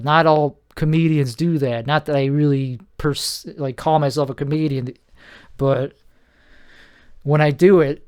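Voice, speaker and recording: A man hosting a solo podcast from home, sounding tired as he meanders from one thought to the next. His voice sits a little high for a man and comes through smooth and clean. He often trails off mid-sentence and makes fun of himself. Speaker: podcast host. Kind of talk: solo rambling podcast monologue.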